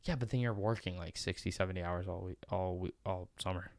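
A man's voice: low voice, fairly quick, gravelly, a little mellow, no room sound, studio quality. A young man hosting a podcast in casual chat, rambling with restarts and casual swearing. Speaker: podcast host.

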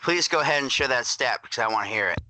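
A man's voice: mid-range voice, lively intonation, very fast, bright, forceful tone, no echo, poor audio. A man on a casual sports podcast, joking and ranting over his own mic. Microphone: own mic on a call.

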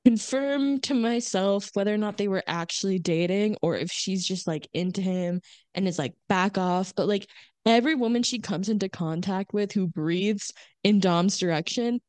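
A woman co-hosting a podcast in casual chat, animated and acting out quoted lines. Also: mid-range voice, moderate pace, clean tone, dry recording. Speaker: podcast co-host.

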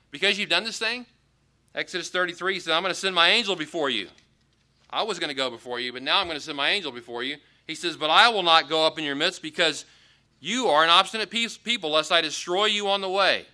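A man's voice: a little high, lively intonation, a little fast, pushed and bright. A man pastor preaching a conversational sermon in an auditorium, acting out quoted lines with rising emphasis.

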